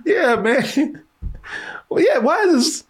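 A man's voice: very high-pitched, animated, takes it slowly. A man co-hosting a casual movie-reaction chat, talking in loose, laughing, profane banter. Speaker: co-host reacting to film clips.

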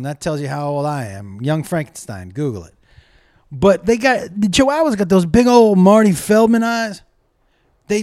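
Animated, swearing middle-aged man ranting. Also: sits high. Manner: profane, exasperated storytelling. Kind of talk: comic rant to camera.

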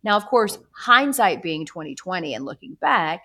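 A woman's voice: fairly low pitch, normal speed. A woman in her thirties hosting a podcast, telling stories in a chatty, sarcastic way. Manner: animated, chatty storytelling with sarcastic asides. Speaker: podcast host. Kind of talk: casual chat.

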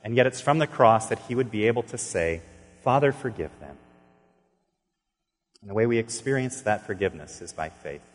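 A man's voice: lowish voice, quick pace, hardly any pauses. A man preaching a sermon as pastor, earnestly telling stories and acting out the dialogue in them. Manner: earnest storytelling, acting out dialogue with sudden bursts. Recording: long reverb of a large hall.

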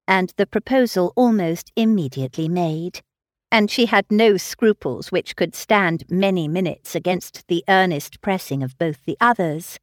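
An audiobook narrator, a woman with a fairly low voice, reads a classic novel in a measured, expressive way. The scripted narration has clean studio sound with no room echo.

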